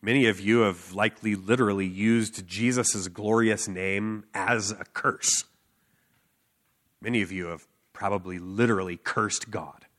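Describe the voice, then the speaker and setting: Bright-voiced earnest male preacher. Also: fairly low pitch, steady tone. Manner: earnest, emphatic, with quick laughs and "like" fillers. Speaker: street preacher. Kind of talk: sermon with personal story.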